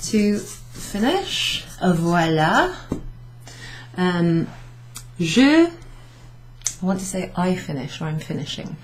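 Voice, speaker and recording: A Welsh woman who teaches French gives a chatty recorded summary lesson to beginners, self-correcting at the board and mixing English and French with light laughs. Her fairly low voice is very animated yet slow, with frequent pauses. There's a little hiss or hum.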